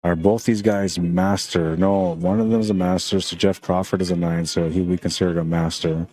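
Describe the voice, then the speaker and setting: A man's voice: low-pitched, steady tone, a little fast, dark tone. A man from Canada with a Spanish accent, giving laid-back, chatty live-stream commentary on a pool match and talking viewers through the shots.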